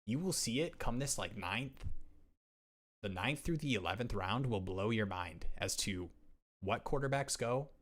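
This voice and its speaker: Rambling, excitable man on a live stream. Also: on the low side. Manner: excitable, rambling, self-interrupting. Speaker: fantasy football streamer. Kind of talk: casual live-stream chat.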